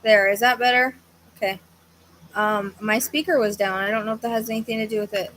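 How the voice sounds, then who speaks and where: Fairly quick and fairly bright, her medium-pitched voice keeps a fairly even intonation. She is a psychic medium hosting a livestream at home with a fan running, chatting casually in a tired, hesitant, rambling way with plenty of fillers and some yawns. The low-quality recording has slight background noise.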